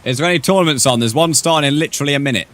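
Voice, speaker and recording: A man's voice: on the high side, very fast, a bit bright, faint music behind. A young man streaming a game live, chatting casually with viewers and swearing freely. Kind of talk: live gaming commentary, reading chat.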